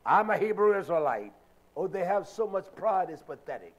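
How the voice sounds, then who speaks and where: A man preaching a Sabbath sermon in a notably high voice. He speaks with fervent emphasis, and hesitant filler sounds break up his lines as he presses each point on the congregation. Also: very animated, moderate pace.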